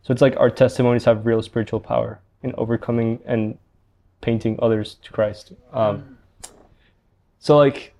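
A man in his twenties hosting a podcast, speaking in a relaxed, halting way with frequent fillers. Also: medium pitch, gravelly. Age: 20s. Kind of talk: casual podcast chat.

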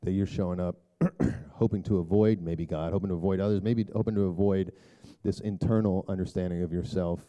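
A man preaching a casual sermon, telling a story in a loose, conversational way with lots of fillers and throat clearing. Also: low-pitched, steady tone, fairly quick, few pauses, warm tone.

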